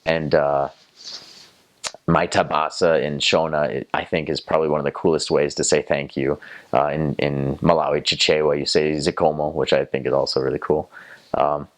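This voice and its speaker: A man's voice: very deep voice, little pitch movement, brisk. A young man casually recounting the languages he learned, rambling with lots of fillers and sounding out foreign words as he goes. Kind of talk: casual storytelling to camera.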